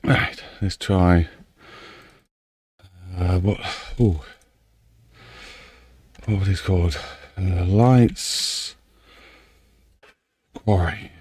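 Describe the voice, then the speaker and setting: A man's voice: deep voice, extremely slow, pauses often, darkish tone, husky, dry recording. A man, slightly out of breath, thinking aloud to himself as he builds a game map. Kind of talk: casual commentary while building a game map.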